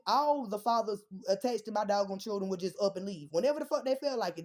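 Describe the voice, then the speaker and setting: A young woman ranting bluntly and defiantly about her family and her kids, swearing often. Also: on the high side. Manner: profane, blunt, defiant, rising to shouts. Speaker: vlogger. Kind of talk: heated personal rant.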